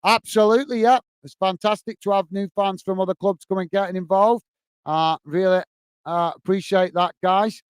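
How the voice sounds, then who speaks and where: A livestream host, male, with a high voice and fairly even intonation, speaks at a normal speed while running a live football watch-along. He reads his viewers' comments aloud and chats back casually and amiably. The tone is clean, with no room sound.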